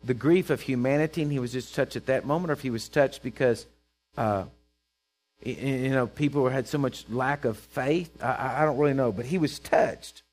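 A man's voice: medium pitch, normal speed, darkish tone. A man preaching a sermon in a conversational way, checking in with his listeners and acting out Bible characters. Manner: acts out Bible characters in quoted voices.

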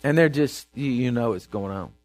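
A man preaching as a pastor speaks in a mid-range, expressive voice at a moderate pace. His storytelling is casual and conversational, full of stammered restarts and repeated check-ins like "right?" and "okay?".

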